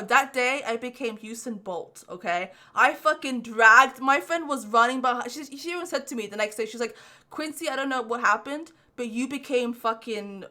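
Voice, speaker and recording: A young woman, a podcast host, casually telling a story with lots of swearing and animated retellings. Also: fairly high pitch.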